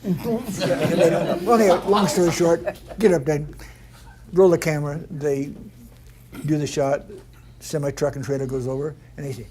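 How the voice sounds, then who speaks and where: An older man, a veteran stunt performer, telling lively anecdotes and acting out other people's lines, with frequent laughter. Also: a little high, normal speed, a little hiss or hum. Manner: animated yarn-spinner, mimics others in quotes, laughs often. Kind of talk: anecdotal storytelling.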